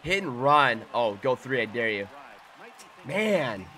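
An excitable young man commentates on his own video game as he plays it. His voice is bright and forward, and his pitch leaps around, swinging from low, quiet muttering to high, loud bursts. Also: slow pace, some chatter behind. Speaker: gaming YouTuber. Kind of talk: live gameplay commentary.

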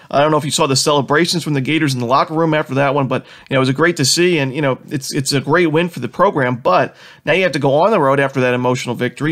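Fast-talking nasal man with a cold. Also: fairly high pitch, a bit bright. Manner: confident, stat-heavy, many "you know" fillers. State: has a cold. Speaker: sports betting analyst host. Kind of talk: fast sports betting picks rundown.

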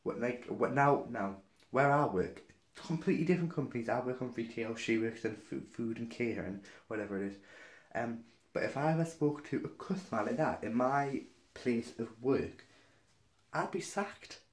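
A man's voice: mid-range voice, normal speed. A young man from Newcastle, telling a story in a casual vlog, chatty and gossipy, with some swearing. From Newcastle, England. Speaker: vlogger.

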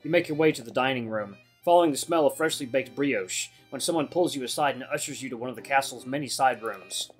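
A man narrating a visual novel aloud in the second person, in a lively, expressive way. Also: medium pitch, quick pace, hardly any pauses, faint music behind. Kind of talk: game read-aloud narration.

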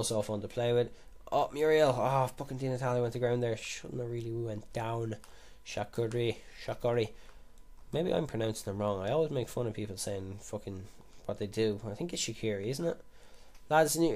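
A young man talks through a football video game as he plays, in an easy, rambling way. His voice sits at an ordinary middle pitch. He curses almost every sentence and breaks into loud excited shouts at big moments. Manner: chatty, swears constantly, bursts into loud excited shouts. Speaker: gaming YouTuber. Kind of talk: live game commentary.

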